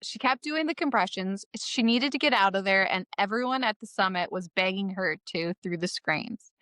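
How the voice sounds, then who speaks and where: A podcast co-host recaps a comic chapter summary in a swearing, irreverent way, emotional and close to tears, often laughing through them. Her mid-range voice is slightly bright, at a moderate pace, with no echo.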